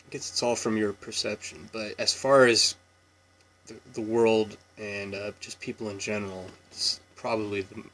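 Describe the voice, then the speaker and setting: A man in his thirties from Washington State, with that state's accent and a voice on the low side, talks casually through an accent tag. He's relaxed and rambling, full of ums and small chuckles, with slight background noise behind him.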